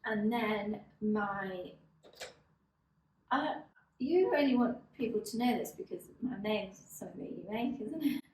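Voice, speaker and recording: A woman, co-hosting a podcast in a playful, deadpan way, teasing her co-host. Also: medium pitch, unhurried, slight background noise. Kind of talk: casual chat. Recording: echoey room.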